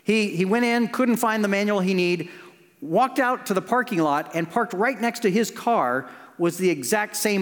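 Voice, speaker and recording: A man preaching a sermon as pastor, telling stories with restarts and moving between lively and hushed passages. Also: high voice. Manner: storytelling with frequent restarts, swinging between animated and hushed. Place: church sanctuary. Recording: long church reverb.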